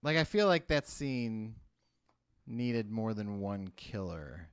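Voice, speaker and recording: A man talking casually on a podcast, reviewing a film with a co-host. His voice jumps around a lot in pitch and he throws in joking asides. The sound is close and dry. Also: slow, smooth, dry recording. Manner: animated, chatty, joking asides. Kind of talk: casual chat reviewing a movie.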